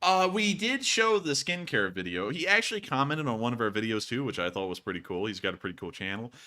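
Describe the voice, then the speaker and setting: A man's voice: medium pitch, quick pace. A man hosting a live stream, chatting casually and mocking online reviews with sarcasm. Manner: sarcastic, animated, mocking voices when reading. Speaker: host. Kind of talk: casual chat reading reviews and super chats.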